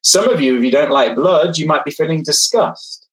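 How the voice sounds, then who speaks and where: A man's voice: a little high, moderate pace, poor audio. A man lecturing online, engaging his audience directly and reading out their replies from the chat.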